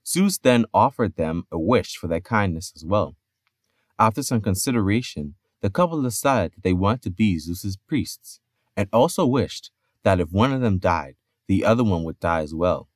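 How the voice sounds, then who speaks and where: Expressive male myth storyteller, lively pitch. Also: normal speed, dry recording, clean studio sound. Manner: expressive storytelling with playful asides. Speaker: podcast host and storyteller. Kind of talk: narrating myths.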